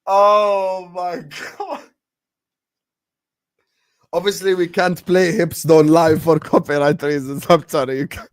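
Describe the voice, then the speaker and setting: Excitable man, dry close mic. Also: a little high, unhurried, no room sound. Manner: excitable, laughing, trash-talking banter. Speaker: host of a football fan livestream. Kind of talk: casual livestream chat.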